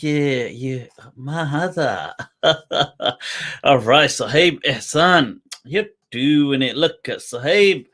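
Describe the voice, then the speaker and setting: Slow, laid-back man hosting a live chat. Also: mid-range voice, a bit bright. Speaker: host. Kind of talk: casual live-stream chat.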